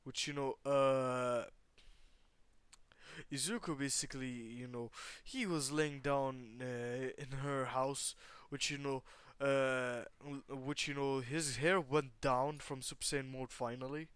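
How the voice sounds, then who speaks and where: A man's voice: mid-range voice, fairly even intonation, takes it slowly, fairly bright tone, clean tone, no echo. A man improvising a story in a loose, rambling way, full of fillers and restarts, talking to his viewers.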